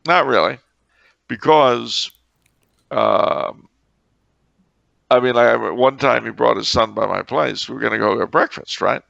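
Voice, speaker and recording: Gravelly wry man, sarcastic storyteller. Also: mid-range voice, a little slow, long pauses, fairly bright tone, dry recording, lo-fi sound. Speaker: podcast co-host. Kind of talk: casual chat.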